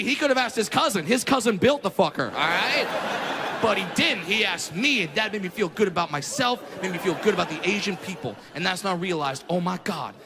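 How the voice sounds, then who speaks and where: A male stand-up comedian doing a loud, profane routine that breaks into shouted rants, performing on stage before a live audience. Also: sits high. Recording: echoey hall with crowd noise.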